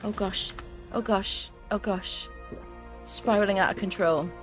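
A young woman streaming a video game, chatting excitably to the creatures and her viewers as she plays. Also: medium pitch, unhurried. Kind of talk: let's play commentary. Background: faint game music.

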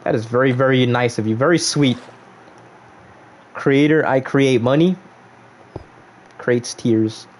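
A young man livestreaming a game, in casual commentary full of slang and banter, swinging from loud teasing outbursts to mock-solemn murmurs. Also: mid-range voice, measured pace, pauses often, a little hiss or hum. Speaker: gaming livestreamer.

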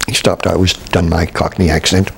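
Old canadian actor telling stories, low gravelly voice, keeps restarting and chuckling. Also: male voice, flat delivery, a little hiss or hum. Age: older. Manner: halting, with many restarts and chuckles. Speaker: interviewee, veteran stage actor. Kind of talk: reminiscing interview.

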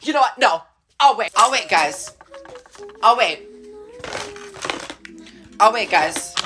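Comedy sketch: a woman doing a condescending teen girl who craves attention, fairly high voice, music behind. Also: expressive, takes it slowly, pushed and bright, heavily acted. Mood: smug. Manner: condescending, dramatic, whiny outbursts. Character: smug attention-seeking teen schoolgirl, show-off.

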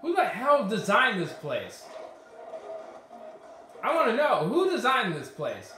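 A bright, high-voiced man narrates his own gameplay in a lively, swinging tone, swearing and shouting at the game in frustration. His voice rings in a very echoey room while game music plays faintly underneath. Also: takes it slowly, long pauses. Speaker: gaming YouTuber. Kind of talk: let's play commentary.

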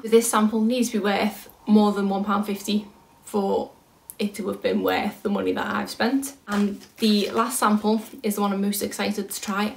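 A young British woman chatting casually through a beauty haul, thinking aloud as she works out prices. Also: medium pitch. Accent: British English. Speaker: beauty vlogger. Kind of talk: casual product haul chat. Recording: echoey room.

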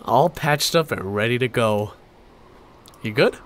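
A man's voice: medium pitch, expressive, unhurried, a bit bright. A man streaming a horror game, reacting with jumpy outbursts and constant swearing. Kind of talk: horror game let's play commentary.

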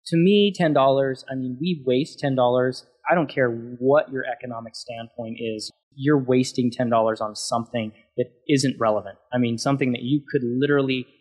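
A man's voice: mid-range voice, steady tone, moderate pace, hardly any pauses, a little mellow, slightly rough. A man speaking as a guest on an interview podcast, passionate and emphatic as he talks through his thoughts.

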